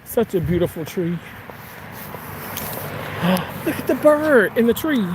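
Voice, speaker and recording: A rambling, foul-mouthed vlogger walks a city sidewalk and talks to viewers through a handheld phone. The pitch swings widely and the delivery is slow and drawn out. Clear street noise sits behind the voice. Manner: profane, excitable, bursts into sung snippets and laughter. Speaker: vlogger streaming on a walk. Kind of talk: rambling casual commentary to viewers. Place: outdoors on a street sidewalk with trees and cars. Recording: noisy outdoor street recording.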